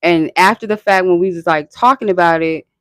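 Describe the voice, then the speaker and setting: The channel host's medium-pitched voice is fairly quick, a bit bright and smooth, captured in a dry recording. The casual chat is rambling and profane, peppered with "like" and laughter.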